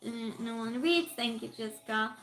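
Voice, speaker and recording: Chatty high-voiced Norwegian-accented woman streamer. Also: normal speed. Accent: Norwegian-tinged British English. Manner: chatty, greets viewers by name, reads comments aloud. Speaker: livestream host. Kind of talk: casual live-stream chat with viewers. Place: home room. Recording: echoey room, faint music.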